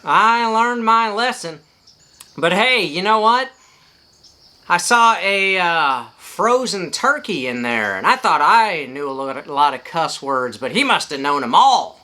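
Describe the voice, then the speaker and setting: A cheeky male parrot, freshly chastened but still full of mischief, as a man puts him on while telling a joke. The voice jumps up high and bright, and the delivery is bouncy. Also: lively intonation, a little slow, heavily acted. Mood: sheepish.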